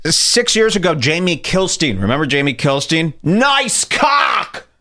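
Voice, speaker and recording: A man's voice: fairly high pitch, big pitch swings, moderate pace, bright, forceful tone. A man hosting a podcast, ranting in a crude, mocking, sarcastic way. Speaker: podcast host. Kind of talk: ranting casual talk.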